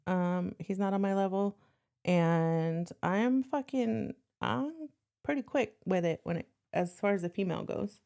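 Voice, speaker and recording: A woman's voice: mid-range voice, unhurried, vocal fry, dark tone, clean tone. A woman talking on a casual livestream in a blunt, defiant way, swearing often.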